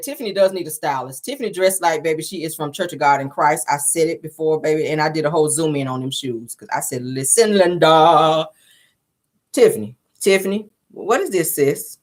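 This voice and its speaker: A woman hosting a casual commentary show, talking in a sassy, animated way and laughing often. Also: deep voice, quick pace. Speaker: host reviewing a reality show.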